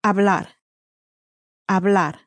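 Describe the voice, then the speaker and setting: A woman's voice: medium pitch, steady tone, slow, dry recording. A woman, a native speaker, modeling words for learners by saying each one twice. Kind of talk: slow clear repetition of words.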